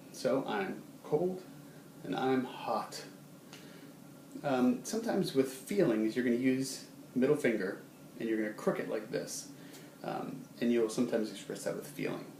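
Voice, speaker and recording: A man teaching a casual video lesson in a relaxed way, with many ums, who acts out short example phrases. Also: medium pitch. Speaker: sign language teacher. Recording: roomy, distant, faint background hum.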